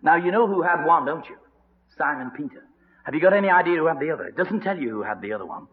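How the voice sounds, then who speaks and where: A man preaching a storytelling sermon, swinging dramatically between loud and hushed. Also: a little high, animated, fast. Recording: reverberant hall, dull lo-fi sound.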